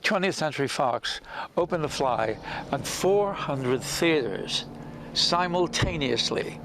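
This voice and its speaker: A man's voice: a little high, lively intonation, takes it slowly, background noise. An older man reminiscing in an interview about acting in a film, telling stories animatedly and acting out quoted lines. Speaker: actor recalling a film role.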